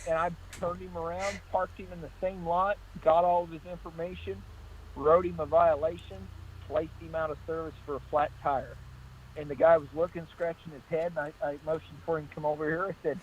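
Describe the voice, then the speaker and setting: Brief: male trooper guest, fairly high voice, story-driven chat, dull lo-fi line. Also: fairly even intonation, a little fast, breathy edge. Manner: anecdotal, repeats "I said" in acted-out exchanges. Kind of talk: casual call-in storytelling.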